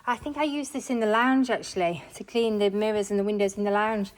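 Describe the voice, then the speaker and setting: A woman's voice: mid-range voice, brisk. A woman chatting casually to the camera while she cleans her home, thinking aloud and poking fun at herself, recorded on a phone strapped to her chest. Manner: chatty, thinks aloud, self-mocking asides. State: slightly out of breath. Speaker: cleaning vlogger. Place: home, indoors. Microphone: phone worn on a chest harness.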